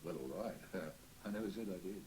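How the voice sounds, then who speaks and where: In a trance-séance recording, a man speaks as the spirit of a cheery old Cockney costermonger, rambling chattily and chuckling in a folksy Cockney accent. His low, slightly mellow voice moves a little fast, and the poor audio carries some hiss or hum, with a lightly acted feel.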